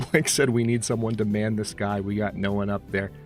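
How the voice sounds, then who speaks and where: A male streamer with a lowish, steady voice talks at a normal speed into a close studio mic, rambling casually and greeting viewers by name. Faint music plays in the background.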